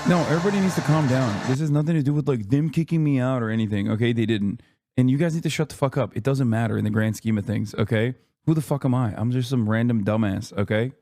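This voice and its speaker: A man's voice: medium pitch, fast, a little mellow. A man in his thirties streaming from home, ranting at his chat in a profane, exasperated way and whisper-screaming to keep from waking a neighbor. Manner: profane, exasperated, talks straight to chat with repeated "okay?". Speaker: streamer reacting to a speech. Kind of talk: heated live-stream rant to chat.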